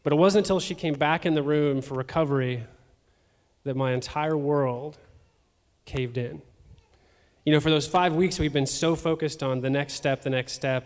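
A man sharing a personal testimony at a church service, speaking in a halting, emotional way with fillers and repeated words. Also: fairly high pitch. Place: church sanctuary. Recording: long hall reverb.

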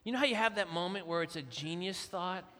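A middle-aged man telling a family story from the pulpit as a guest speaker, acting out the quotes in an animated way. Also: high-pitched, fast talker, a little hiss or hum. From Kentucky. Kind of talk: storytelling sermon. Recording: long hall reverb.

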